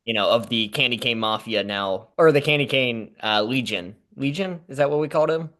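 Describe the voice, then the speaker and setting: A man's voice: medium pitch, a little fast, fairly bright tone. A young man co-hosting a show, improvising a comedic story and often searching for words with fillers and laughs. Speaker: co-host.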